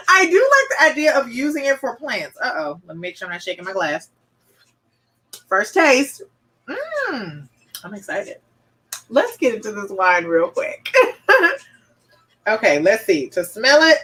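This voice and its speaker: A woman's voice: on the high side, fairly bright tone. A woman hosting a live wine show, chatting in an upbeat way and reading out viewer comments. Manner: chatty and upbeat, reads viewer comments aloud, often says "y'all" and "honey". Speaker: host and wine reviewer. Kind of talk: live-stream chat with viewers.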